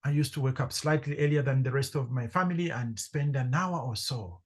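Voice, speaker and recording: A middle-aged man from Zambia, a podcast guest telling a personal story with lively acted-out dialogue. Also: medium pitch, fairly quick, breathy edge. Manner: animated storyteller acting out quoted voices. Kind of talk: storytelling in conversation.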